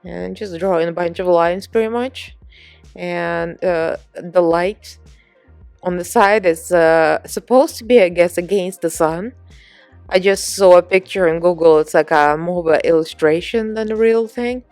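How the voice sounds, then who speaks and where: A woman's voice: on the low side, unhurried, darkish tone, smooth, faint music behind. A woman makeup artist chatting casually in a vlog, rambling and poking fun at herself as she talks through a tutorial voice-over. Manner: chatty, rambling, self-mocking.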